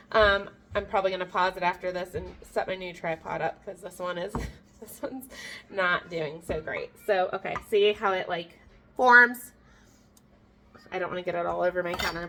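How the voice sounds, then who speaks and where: A woman's voice: mid-range voice, bright, forceful tone, slight background noise. A woman in her thirties chatting casually to the camera as she cooks in her home kitchen, laughing at her own mistakes. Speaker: homestead cooking vlogger. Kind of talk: casual cook-along chat to camera.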